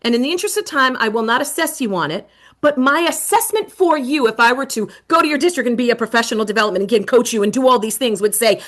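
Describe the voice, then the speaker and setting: A middle-aged woman presenting a teacher webinar, animated, with dramatic whispered asides. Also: fairly high pitch, quick pace.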